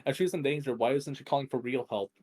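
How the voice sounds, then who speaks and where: A man's voice: medium pitch, fast, lightly acted. A man reading the lines of a stern, skeptical man arguing with frustration. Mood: agitated. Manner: sharp, agitated, arguing. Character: stern, skeptical man watching security cameras.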